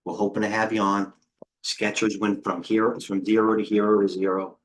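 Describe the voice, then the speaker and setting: Rambling, excitable man with a low voice. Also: a little fast, slight background noise. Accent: New York. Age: middle-aged. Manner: rambling, excitable, chatty with viewers. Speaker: trading coach hosting a livestream. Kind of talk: casual live market commentary.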